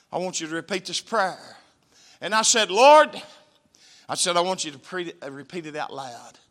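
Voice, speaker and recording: A man's voice: high-pitched, sharp tone. A man, a missionary preacher telling a testimony in a church sermon, folksy and emphatic. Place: church sanctuary.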